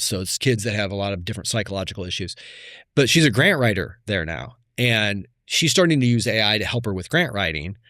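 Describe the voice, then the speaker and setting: A man in his fifties, a podcast guest, telling stories in a reflective, conversational way that often trails off softly. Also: on the low side, no room sound, clean studio sound. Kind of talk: casual conversation.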